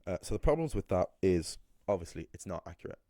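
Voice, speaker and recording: A man's voice: low-pitched, big pitch swings, fast talker, mellow, dry recording. A man teaching Irish pronunciation, emphatic and critical as he points out common mistakes. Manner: emphatic, critical, with frequent restarts. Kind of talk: explaining pronunciation to learners.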